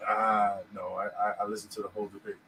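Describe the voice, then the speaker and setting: A man's voice: on the low side, little pitch movement, fast, pushed and bright, slight background noise, rough recording. A man co-hosting a casual podcast about scripture, rambling and checking in with "you know what I'm saying". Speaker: podcast host.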